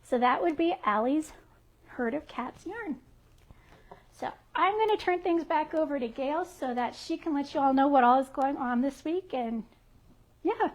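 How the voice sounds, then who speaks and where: A woman's voice: high voice, animated, a little slow. A woman who works at a yarn shop, presenting products on a livestream in a bubbly, giggly, friendly way. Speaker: yarn shop staff member.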